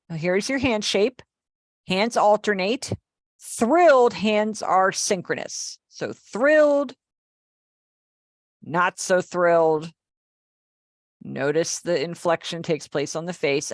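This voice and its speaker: A woman's voice: lowish voice, no echo, studio quality. A middle-aged woman teaching a live online class, explaining patiently and checking in with her students. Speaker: sign language teacher.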